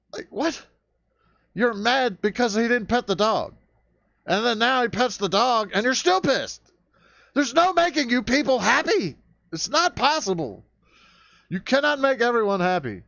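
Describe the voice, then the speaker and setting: A man's voice: high-pitched, animated, moderate pace, gravelly, a bit bright, no room sound. A man hosting a profane rant vlog, talking in a crude, sarcastic and fired-up way. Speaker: vlog host ranting. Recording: dull, lo-fi dry recording.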